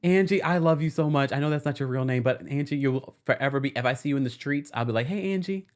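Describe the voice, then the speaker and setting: A man's voice: medium pitch, steady tone, quick pace. A man hosting a casual pop culture recap show, chatty and opinionated and laughing often. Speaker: host.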